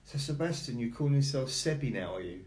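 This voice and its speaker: A man's voice: medium pitch, expressive, fast, darkish tone, reverberant. Rambling man streaming from home. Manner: rambling, chatting to his cat. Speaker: vlogger. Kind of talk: casual live-stream chat.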